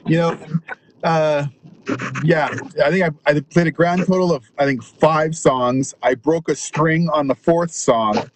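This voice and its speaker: A man's voice: a little high, measured pace, low-quality recording. A man, a touring punk musician, telling profane, laughing stories from his car and acting out other people's lines. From Canada. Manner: profane, laughing anecdotes with voiced quotes. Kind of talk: casual storytelling chat.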